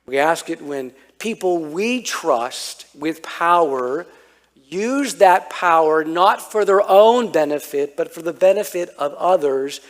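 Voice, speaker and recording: Animated storytelling male pastor. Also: a little high, slow. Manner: storytelling, animated, acts out childhood quotes. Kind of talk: sermon.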